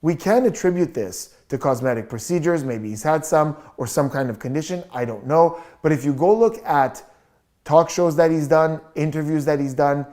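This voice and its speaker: A body language analyst giving a measured, explanatory video commentary as the regular host. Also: mid-range voice, mellow. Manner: explanatory, measured, repeats "just a little bit".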